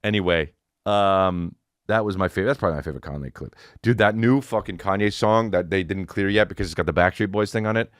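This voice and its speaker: A man's voice: sits low, fast talker, no room sound, studio quality. A man hosting a podcast, ranting in a loose, profane, rambling comedic way. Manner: rambling, profane, animated, breaks into sung snippets. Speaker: podcast host. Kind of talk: casual comedic rant.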